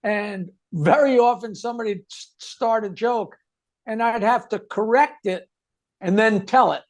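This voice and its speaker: Comedian guy on a video call, cracking jokes, animated delivery. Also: high voice, unhurried. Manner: animated joke-telling. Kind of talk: casual video-call chat, telling jokes.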